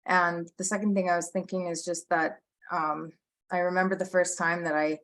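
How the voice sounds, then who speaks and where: A woman's voice: on the low side, flat delivery, moderate pace, a bit bright, rough recording. A woman co-hosting a recovery podcast, telling her own story earnestly in casual talk with many fillers and restarts. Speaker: podcast co-host. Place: Medicine Hat, Canada, as origin of story not origin.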